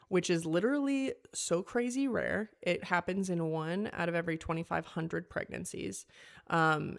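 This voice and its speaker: A young woman telling a personal story in a casual, animated way, acting out what others said. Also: low voice, creaky. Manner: animated, acts out quoted voices, many fillers. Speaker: podcast guest telling her birth story.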